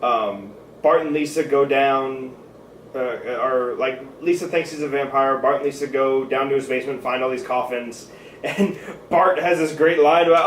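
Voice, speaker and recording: A man chatting casually as a co-host, wandering through his thoughts with plenty of ums and restarts. His voice sits at an ordinary pitch. He sounds a little distant from the mic, in a roomy space with faint background noise. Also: normal speed. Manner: rambling, many fillers and restarts. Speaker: podcast co-host. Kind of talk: casual chat.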